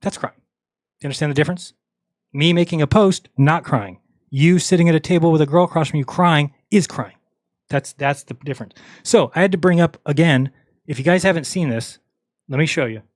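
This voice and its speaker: A man's voice: a little high, a little fast, no echo. Blunt, mocking male livestream host. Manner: blunt, mocking, acts out quoted dialogue. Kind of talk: casual livestream rant.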